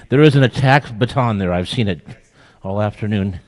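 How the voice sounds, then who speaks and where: A man's voice: on the low side, moderate pace. A man working as a guest clinician, giving live feedback to a student orchestra in an encouraging, playfully teasing way.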